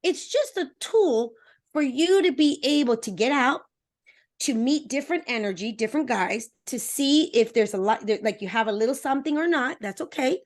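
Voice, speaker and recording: High-voiced, emphatic woman dating coach. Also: moderate pace. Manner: energetic, emphatic, talks straight to listeners; acts out voices with expressive pitch swings. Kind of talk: podcast interview guest.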